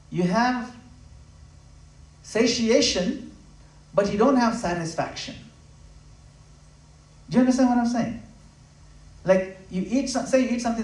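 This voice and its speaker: A man giving a devotional talk at a home gathering, impassioned and conversational, swinging from loud emphatic peaks to low, intimate asides. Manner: conversational, acts out quick voices of listeners. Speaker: spiritual speaker. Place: room in a home. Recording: roomy, from a distance.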